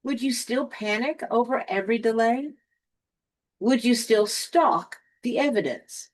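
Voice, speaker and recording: Slow, deliberate woman giving a spiritual pep talk. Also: fairly high pitch, a little mellow. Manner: slow, deliberate delivery with dramatic pauses; lightly sarcastic. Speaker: motivational speaker.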